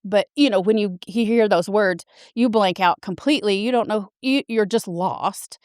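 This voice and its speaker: A woman in her fifties telling a personal story as a podcast guest, earnest and halting, often restarting her sentences. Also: medium pitch, a little mellow, clean tone, no room sound, studio quality. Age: 50s.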